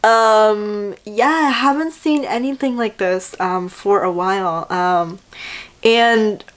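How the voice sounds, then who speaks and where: A young woman talks casually and excitably into the camera, reviewing a drama she loves. She fills her speech with "like" and "um" and acts out quick bits of dialogue. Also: medium pitch. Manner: chatty and excitable, heavy use of "like" and acted-out quotes. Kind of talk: casual vlog chat.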